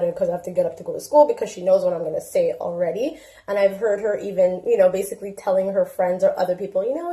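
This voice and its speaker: A woman's voice: medium pitch, dark tone. A woman in her twenties giving advice in a casual monologue, telling stories and acting out the dialogue. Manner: storytelling, acts out dialogue. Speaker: organization president giving advice. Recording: roomy echo.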